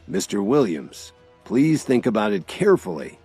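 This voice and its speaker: A man's voice: medium pitch, sing-song, moderate pace, gravelly, warm tone, slightly rough, soft background music, pitched above the performer's own voice, full character voice. A man narrating an audiobook and voicing an ominous man giving a stern warning. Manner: ominous, candid.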